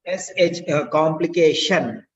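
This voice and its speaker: A man's voice: a little high, measured pace, slightly rough. A man, giving spoken feedback in an online class and correcting the student by repeating words and sounds for drilling. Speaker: English speaking tutor. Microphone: video call. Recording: dull lo-fi video call audio.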